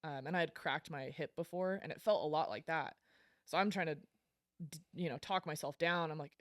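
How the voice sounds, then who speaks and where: A woman guest on a podcast, telling a story in casual talk, animated and self-deprecating, laughing often and with plenty of fillers. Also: low voice, fairly quick, dry recording, studio quality. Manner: frequent fillers like um and like.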